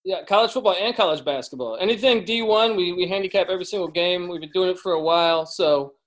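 A man with a notably high voice joins a betting podcast as a guest over a video call. He talks through his picks in a casual, rambling way, often restarting his sentences. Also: fast, poor audio. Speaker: guest handicapper. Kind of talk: casual sports betting chat.

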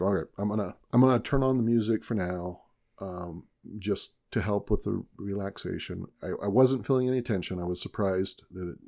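Low raspy southern guy on a podcast, rambly, pokes fun at himself. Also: warm tone. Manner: rambling, self-mocking, laughs often. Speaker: podcast co-host. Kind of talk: casual storytelling chat.

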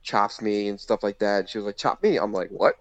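A man with a lowish voice tells a story in loose, rambling podcast chat, full of "you know" and "like". His voice sounds dry and a little muffled, as if through a dull lo-fi recording. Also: little pitch movement, fast talker, no room sound. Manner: rambling, many fillers and restarts. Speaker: podcast guest, former indie wrestler. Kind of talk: casual storytelling. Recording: slightly muffled lo-fi audio.

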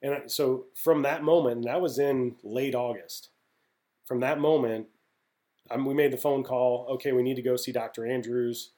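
A man in his forties recounts his playing days in a loose, candid way, doubling back on his words as he goes. His voice is mellow and dark, sitting at an ordinary middle pitch. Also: steady tone, normal speed. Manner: rambling, candid, with frequent restarts. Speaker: former pro baseball pitcher, guest. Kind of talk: casual storytelling interview.

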